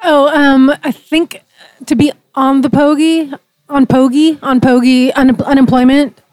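Guest, woman, slightly high, dry close sound, easygoing. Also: level tone, a little mellow, no room sound, low-quality recording. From Manitoba, Canada. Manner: laid-back, amused, answers with quick definitions. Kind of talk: casual chat.

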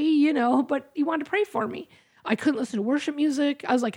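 A woman's voice: sits high, brisk, a little mellow. Candid woman sharing her story. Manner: candid, emotional, quotes her own thoughts aloud. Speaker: podcast guest. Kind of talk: personal testimony interview.

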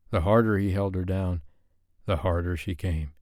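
Deep-voiced male audiobook narrator. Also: fairly even intonation, moderate pace, a little mellow, no echo, studio quality.

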